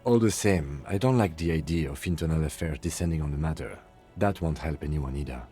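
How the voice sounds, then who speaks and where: An actor playing a composed, precise police lieutenant in a video game, speaking in a low, husky voice. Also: male voice, fairly quick, warm tone, faint music behind. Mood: cautious. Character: calm, measured male police lieutenant partner.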